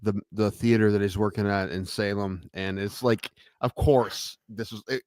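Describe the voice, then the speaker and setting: A man co-hosting a casual comedy podcast, ranting with swearing and restarts, swinging between loud outbursts and mutters. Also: fairly low pitch, steady tone, moderate pace, no room sound. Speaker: podcast co-host.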